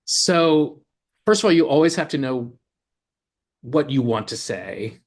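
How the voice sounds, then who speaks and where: A man's voice: mid-range voice, expressive. Eager man explaining his craft. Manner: eager explainer, thinks aloud with quick restarts. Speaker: lyricist and co-host. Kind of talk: casual craft talk.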